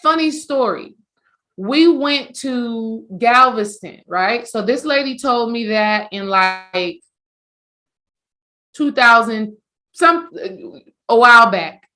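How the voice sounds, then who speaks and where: A woman's voice: a little high, takes it slowly. A woman healing coach, telling a story in a casual, emphatic monologue that repeats itself for effect. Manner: animated, repetitive, emphatic storytelling.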